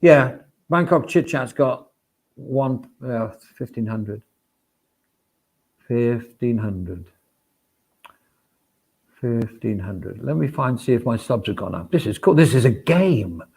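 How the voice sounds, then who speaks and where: Gravelly self-deprecating man. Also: mid-range voice, animated, a little slow, a little mellow. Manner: chatty, with frequent fillers and asides. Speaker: livestreamer. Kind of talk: casual livestream chat.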